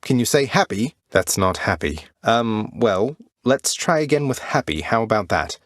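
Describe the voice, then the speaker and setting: Wry, good-natured young underworld prince, lowish voice, dry studio sound. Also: male voice, very animated, normal speed, a bit bright, no echo. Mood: coaxing. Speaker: video game protagonist. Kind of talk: game voice lines.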